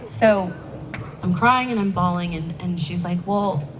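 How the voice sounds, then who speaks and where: At a recovery meeting held on a conference hall stage, a young woman tells her personal story candidly and conversationally, with self-mocking asides. She speaks at a measured pace in a fairly low voice. There's faint background noise, and the mic is distant.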